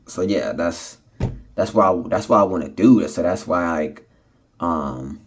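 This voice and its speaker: A man's voice: low-pitched, animated, a little slow, slight background noise. A man talking casually into his phone in his apartment, chuckling often and rambling with plenty of fillers and restarts. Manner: laughing often, frustrated, many fillers and restarts. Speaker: vlogger.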